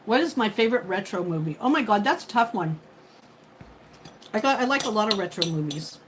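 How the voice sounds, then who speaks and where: A woman in her fifties hosts a casual livestream, chatting with viewers and thanking them by name. Her medium-pitched voice is expressive and a little fast. Faint background noise can be heard.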